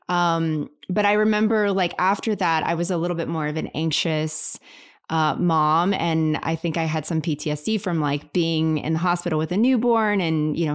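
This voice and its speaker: Woman cohost, kinda low, smooth voice, rambles a bit. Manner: chatty, rambling, with fillers. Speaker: podcast co-host. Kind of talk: casual chat.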